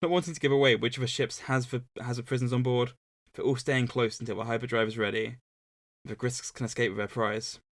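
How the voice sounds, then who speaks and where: A fast-talking man co-hosts a relaxed book-club podcast, recapping a novel's events in a steady, mid-pitched voice. He slips deadpan jokes between plot points, and the sound is dry and close, with no room echo.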